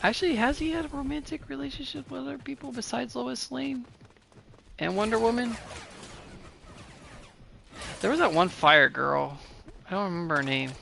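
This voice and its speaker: A man's voice: very high-pitched, normal speed, creaky, long pauses, background noise. A man giving casual, rambling commentary while playing a game, laughing often and mocking himself. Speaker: gamer.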